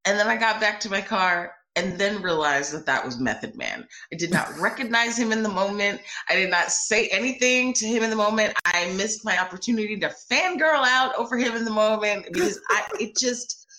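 Bright-voiced bubbly woman telling stories. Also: medium pitch, animated, brisk, hardly any pauses, roomy sound. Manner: bubbly, laughs often, acts out quoted voices. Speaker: actress interviewed about her film debut. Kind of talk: animated anecdotal storytelling.

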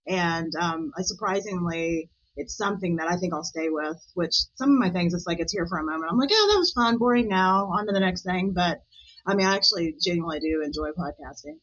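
A woman talking as a podcast guest in a casual interview, chatty and animated, often laughing. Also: on the low side, fairly quick, dull audio.

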